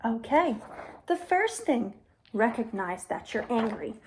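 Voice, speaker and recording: A woman teaching young children in a gentle, patient, instructive manner. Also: on the high side, sing-song, unhurried, a little hiss or hum. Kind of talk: children's lesson with toys.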